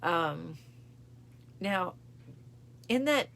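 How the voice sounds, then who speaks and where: Low, gravelly woman talking casually. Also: lively intonation, extremely slow, fairly bright tone. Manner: emotional, repeats phrases, acts out film lines with rising pitch. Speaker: host of a cancer support show. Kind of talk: casual talk to camera.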